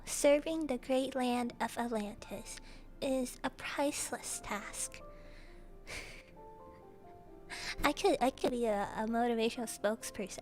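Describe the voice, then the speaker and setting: A high-voiced woman chatting with her viewers in a relaxed, unhurried way. She keeps laughing between playful jokes and mock-royal bits. Faint music plays underneath. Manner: giggly and playful, laughs often between lines; joking, self-mocking princess bits. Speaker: streamer answering viewer questions. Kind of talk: casual Q&A chat.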